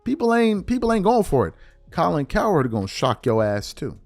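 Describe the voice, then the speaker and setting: A man hosting a sports commentary show, ranting in an animated, mocking way that swings between low mutters and loud outbursts. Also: moderate pace, soft background music.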